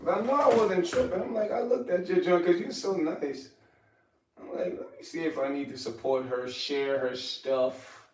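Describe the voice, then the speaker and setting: A man's voice: a little high, moderate pace, a little mellow, reverberant, recorded from a distance. A young man hosting a casual livestream while he cooks, joking loosely and talking to his chat. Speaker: livestream host. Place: home kitchen.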